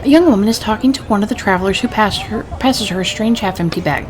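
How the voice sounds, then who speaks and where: A woman's voice: medium pitch, quick pace. A woman gamer reading a story game's narration aloud in a casual way. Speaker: let's-play gamer. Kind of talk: reading game text aloud. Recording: steady background noise.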